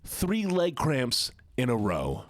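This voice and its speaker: A male streamer with a lively, bouncing voice that swoops up and down as he greets his viewers one at a time. His manner is playful and teasing, with drawn-out hellos in a relaxed chat. Soft music plays faintly underneath. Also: medium pitch, no room sound. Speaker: livestreamer.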